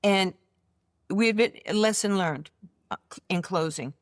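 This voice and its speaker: An older woman, a basketball coach, telling lively stories in an interview and acting out the dialogue. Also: medium pitch, a little slow, dry recording, clean studio sound. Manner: lively storyteller who acts out quoted dialogue. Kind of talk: storytelling interview.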